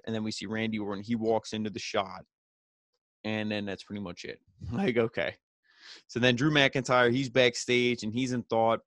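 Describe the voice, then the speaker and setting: A man's voice: fairly low pitch, level tone, moderate pace, a bit bright, no room sound. A man hosting a podcast, giving a casual, rambling recap full of "you know" fillers and paraphrased quotes. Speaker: podcast host.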